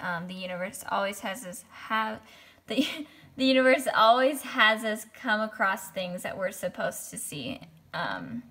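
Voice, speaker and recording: A young woman giving a casual tarot reading, talking hesitantly with many pauses and restarts. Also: mid-range voice, sharp tone. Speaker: tarot reader.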